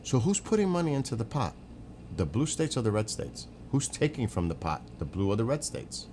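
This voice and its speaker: A man's voice: medium pitch, big pitch swings, a little fast, mellow, slight background noise. A man streaming, giving opinionated, rambling casual commentary and answering chat, swearing now and then. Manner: answers chat viewers by name.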